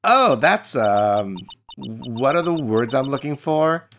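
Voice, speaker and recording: A man's voice: sing-song, slow, fairly bright tone, a little hiss or hum. A man voicing a bubbly, ditzy young female college student in a put-on Valley Girl accent, full of "like". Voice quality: high, breezy, filler-heavy "like" talk.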